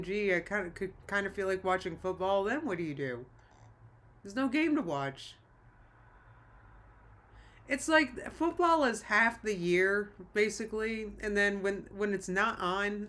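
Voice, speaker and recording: A woman's voice: mid-range voice, animated, moderate pace, fairly bright tone. A woman hosting a live stream in a rambling, self-interrupting casual chat, often laughing and reading chat messages aloud. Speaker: livestream host.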